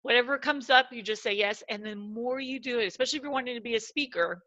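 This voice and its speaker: Bright animated woman telling stories. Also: fairly high pitch, quick pace, no echo, lo-fi sound. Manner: animated, acts out her own story with excited quoted lines. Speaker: guest speaker. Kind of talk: lively storytelling in conversation.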